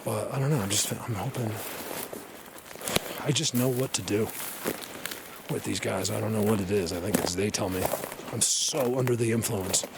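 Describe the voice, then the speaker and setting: A man vlogging casually while walking through a snowy forest, rambling and excitable, often laughing and dropping to a hushed voice. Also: lowish voice, normal speed, vocal fry, pauses often, heavy background noise. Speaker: vlogger, Bigfoot researcher. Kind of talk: casual hiking vlog.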